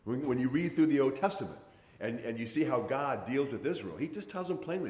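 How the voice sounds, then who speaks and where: A man's voice: medium pitch, expressive, brisk, darkish tone, reverberant. A man preaching a sermon in a conversational way, pressing harder on his key points. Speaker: pastor.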